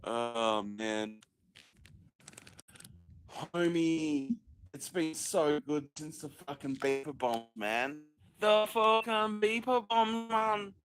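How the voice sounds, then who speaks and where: Male podcast host, unhurried and sharp-toned, crude mocking monologue full of ums. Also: on the high side, fairly even intonation, faint music behind, poor audio. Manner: profane, sarcastic, mocking, laughs mid-sentence; many fillers and restarts. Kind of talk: rambling solo podcast monologue.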